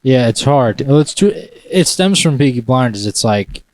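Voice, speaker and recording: A man's voice: medium pitch, lively intonation, normal speed, no echo. Teasing male podcast co-host. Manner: teasing, laughs often. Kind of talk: casual chat.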